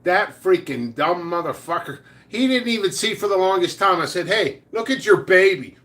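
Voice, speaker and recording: A middle-aged man with a slightly high voice tells old workplace prank stories in a loose, rambling way. He stammers through restarts, swears casually and chuckles at his own jokes. It sounds like a relaxed, chatty vlog. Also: normal speed, hardly any pauses. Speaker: pepper seed channel host.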